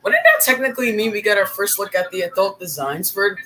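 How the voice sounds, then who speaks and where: A guest on a casual fan review podcast, jokey and excitable, cutting in often. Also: medium pitch, rough recording. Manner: excited, jokey, quick interruptions.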